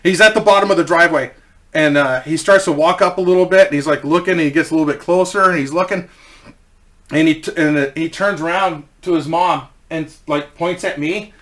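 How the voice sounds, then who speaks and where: Middle-aged guy rambling through a prank story, bright voice, cusses and chuckles a lot. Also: on the high side, a little fast. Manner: rambling, swearing, laughing often. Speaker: channel host telling a story. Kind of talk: casual storytelling vlog.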